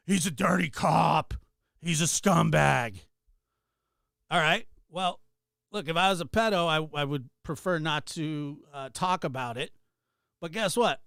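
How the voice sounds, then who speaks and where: A man's voice: high voice, a bit bright, smooth, dry recording, studio quality. A man hosting a livestream, ranting heatedly and sarcastically while greeting viewers in chat. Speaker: livestream host. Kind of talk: ranting livestream talk with chat shout-outs.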